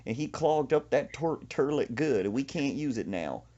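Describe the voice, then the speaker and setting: A man's voice: medium pitch, lively intonation, moderate pace, warm tone, highs cut off, pitched above the performer's own voice, natural voice. A man voicing a rural young woman complaining in a plainspoken drawl.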